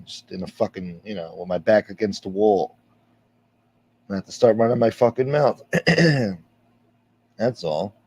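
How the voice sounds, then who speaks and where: A man's voice: lowish voice, mellow. A man hosting a casual livestream, reading viewer comments aloud in a rambling, sarcastic, heavily profane way. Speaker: livestream host.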